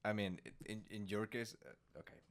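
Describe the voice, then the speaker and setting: A man with a Spanish accent and a low voice hosts a loose conversation. He stumbles and repeats words, laughing easily. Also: fairly even intonation, normal speed. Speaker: podcast host. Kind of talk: casual chat.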